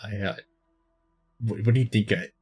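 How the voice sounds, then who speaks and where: Husky guy dming a tabletop game, laid back, rambles a lot, quiet music in the back. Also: on the low side, moderate pace. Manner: relaxed, rambling with fillers. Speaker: dungeon master.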